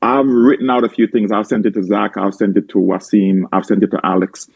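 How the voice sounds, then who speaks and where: A man's voice: fairly low pitch, little pitch movement, a little fast, creaky, a little mellow, slightly rough, no room sound. A man with a Jamaican accent, making insistent points in a casual group call.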